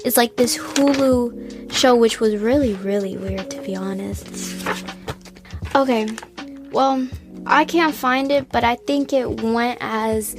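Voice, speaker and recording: Earnest nineteen-year-old woman, higher voice. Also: slow pace, soft background music. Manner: earnest, heavy use of "like", drops into soft whispers. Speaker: self-help vlogger. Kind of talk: casual advice vlog.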